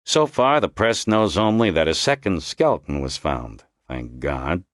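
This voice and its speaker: A man voicing an irritable, gruff male police lieutenant who talks bluntly and impatiently. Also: low voice, animated, unhurried, no room sound, clean studio sound. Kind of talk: audiobook character voice.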